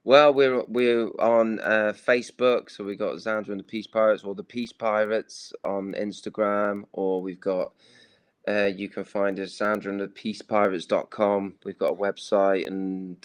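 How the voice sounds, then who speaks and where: Man, Liverpool accent, low pitch, dry close sound, hesitant casual chat, video call. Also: level tone, a little slow, clean tone, no room sound. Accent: Liverpool (Scouse). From Liverpool, England. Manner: hesitant, lots of ums and restarts. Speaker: guest musician.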